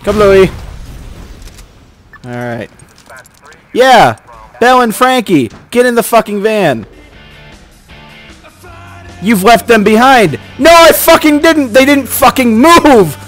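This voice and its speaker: A man's voice: extremely high pitch, sing-song, slow pace, long pauses, faint music behind. Exasperated swearing gamer man. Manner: exasperated, swearing, yelling at the game. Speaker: let's play host. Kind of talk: gameplay commentary.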